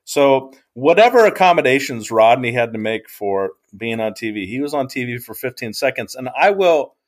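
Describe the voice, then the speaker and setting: A man's voice: medium pitch, animated, normal speed. Rambling, hesitant man podcast co-host. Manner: rambling, hesitant, full of ums. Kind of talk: casual chat recap.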